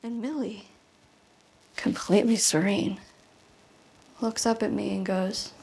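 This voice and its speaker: A young woman doing solo stand-up comedy at home, telling a story in an animated way that jumps to high shrieks when she acts out scenes. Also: takes it slowly, creaky, breathy edge. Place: apartment.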